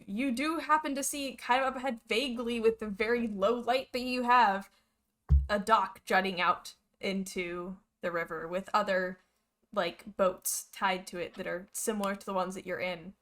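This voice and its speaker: A woman narrating as game master of a tabletop game, lively and halting with fillers. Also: mid-range voice.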